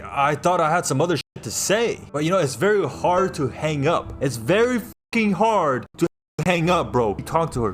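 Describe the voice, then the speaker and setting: A young New Yorker with a voice on the high side livestreams a personal story to his chat. He rambles, getting loud one moment and hushed the next.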